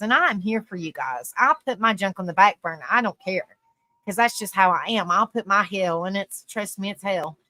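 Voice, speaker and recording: A woman talks to her live-stream audience in a loose, heartfelt ramble, leaning on "you know" between thoughts. Her voice is bright and forward. The sound is dry and close, with no room around it. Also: medium pitch, dry recording. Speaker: live-stream panel host. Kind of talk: casual live-stream talk.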